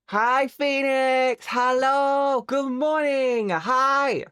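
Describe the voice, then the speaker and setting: Lively low-voiced woman streamer. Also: a little slow, no room sound, clean studio sound. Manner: playful, teasing and profane, with sudden high squeaky jumps. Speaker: live streamer. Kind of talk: casual live-stream chat with viewers.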